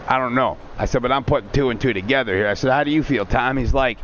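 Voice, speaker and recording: Guy swearing a lot telling a story, mid pitch voice, bit of noise behind. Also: quick pace, fairly bright tone. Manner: profane, blunt, quotes himself often. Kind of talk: casual storytelling on stream.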